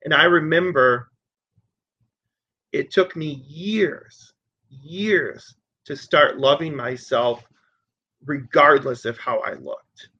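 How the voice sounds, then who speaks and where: A man's voice: a little high, slow pace, long pauses, pushed and bright, slightly rough. Man in his thirties, earnest and conversational, telling his recovery story with repeated emphasis; muffled lo-fi audio. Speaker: recovery meeting speaker. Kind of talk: personal recovery share.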